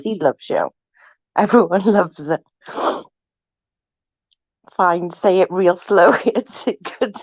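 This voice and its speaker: A woman's voice: on the low side, no room sound, low-quality recording. A woman chatting casually with her viewers, giggling often and swearing freely.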